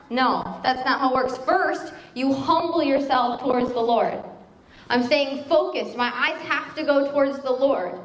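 A woman preaching a sermon in a conversational, animated way, telling stories and quoting scripture. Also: high voice, moderate pace, roomy sound, poor audio.

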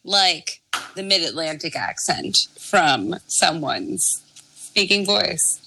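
A woman's voice: lowish voice, big pitch swings, slow, creaky, sharp tone, slight background noise, rough recording. A woman in a casual podcast chat who corrects others firmly and laughs easily.

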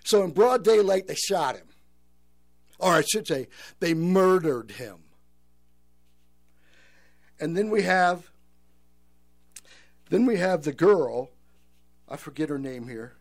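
A man's voice: high voice, animated, a little slow, vocal fry, pauses often. Earnest male talk radio host. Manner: earnest, addresses listeners as folks.

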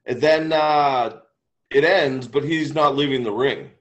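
A man's voice: medium pitch, measured pace, fairly bright tone, rough recording. A man from Canada, a podcast co-host, telling a rambling anecdote in casual chat and leaning heavily on "like". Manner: rambling anecdotal storytelling, lots of "like".

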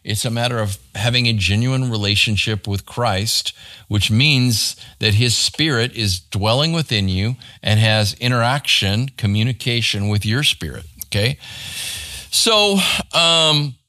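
A man's voice: medium pitch, a little slow, sharp tone. A man, a pastor, teaching a Bible study to a small group in a church room in a conversational way, often checking in with "right?".

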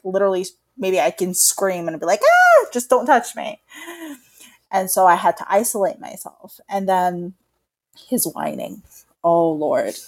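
A young adult woman co-hosting a casual podcast, talking openly and animatedly about motherhood. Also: on the low side. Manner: open and confessional, animated retelling. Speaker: podcast co-host. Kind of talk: candid casual chat.

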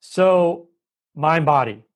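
A man on a podcast explaining health ideas at length, lively and talkative, often acting out quoted voices. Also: a little high, drawn-out words. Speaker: guest expert on holistic health. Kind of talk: conversational podcast interview.

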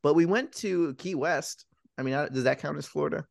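A man's voice: a little high, brisk, gravelly, no echo. A man co-hosts a podcast and retells a film plot in a loose, rambling, profane manner. He keeps restarting his sentences, and his voice sits close and dry on the mic. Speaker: podcast co-host. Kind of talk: casual chat retelling a film.

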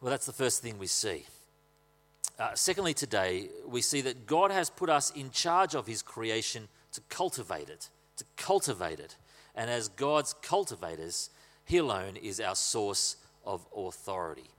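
Aussie pastor preaching, cracks jokes at the congregation, long hall echo. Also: male voice, fairly low pitch, sing-song, moderate pace, fairly bright tone. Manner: humorous, conversational preaching with asides to the congregation. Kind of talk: sermon.

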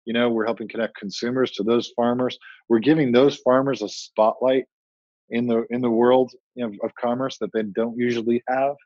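A man's voice: medium pitch, moderate pace, dry recording. A man, a startup founder, talking casually in an interview and acting out the dialogue in his stories. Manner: animated storytelling, acts out quoted dialogue. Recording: muffled dry podcast audio.

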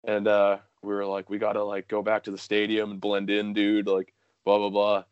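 A man's voice: lowish voice, completely flat delivery, normal speed, smooth, no room sound, muffled recording. A young man telling a story casually, rambling with lots of fillers and swearing.

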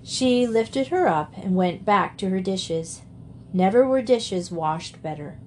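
A woman narrating a classic children's novel in a steady, measured reading voice. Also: mid-range voice, slight background noise. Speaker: audiobook narrator. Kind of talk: storybook narration.

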